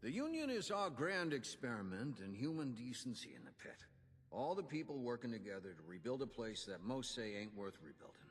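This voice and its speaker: Gruff old inventor-quartermaster, folksy and showy, husky, lively pitch, reverb tail. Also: male voice, a little fast. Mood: earnest. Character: gruff older male union inventor and quartermaster. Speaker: game character giving quest dialogue.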